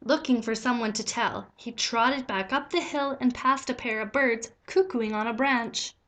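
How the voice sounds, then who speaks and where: A woman reading a children's picture book aloud in a slow, gentle, expressive way. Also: a little high. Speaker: storybook reader. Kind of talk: children's story read-aloud.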